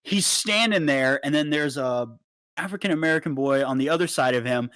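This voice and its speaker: Young man, podcast co-host, casual storytelling, animated, swearing, fairly high voice, dry sound. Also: fairly quick, no echo.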